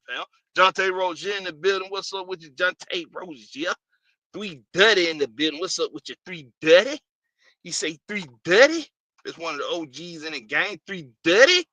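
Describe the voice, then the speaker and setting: A man's voice: sits high, pushed and bright, no room sound. A man hosting a casual live stream, rambling loosely and greeting viewers by name.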